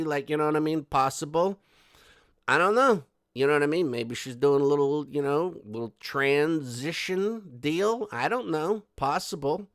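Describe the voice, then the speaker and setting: A man hosting a gossip commentary vlog in a brash, profane way, breaking into sudden loud outbursts and chatting directly to his viewers. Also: fairly high pitch, expressive, normal speed, dry recording. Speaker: channel host.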